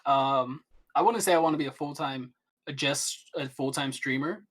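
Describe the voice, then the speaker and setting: A man's voice: medium pitch, moderate pace, fairly bright tone, slightly rough. A young man chatting as a podcast guest, rambling with many restarts and fillers. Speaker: guest streamer. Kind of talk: casual podcast chat.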